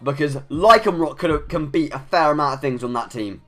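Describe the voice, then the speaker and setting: A young man commenting live on his own gameplay with a lively, swooping delivery. His voice is bright and forceful. He talks his moves through aloud, stumbling and restarting, and rants in frustration. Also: a little high, brisk, soft background music. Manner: thinks aloud, restarts often, rants when annoyed. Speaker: gaming YouTuber.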